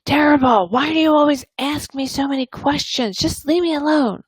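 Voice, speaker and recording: A woman voicing a sulky, rude teenager who snaps and complains at a parent, in a higher, whiny voice. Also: normal speed, dry recording, natural voice. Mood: snapping, irritable.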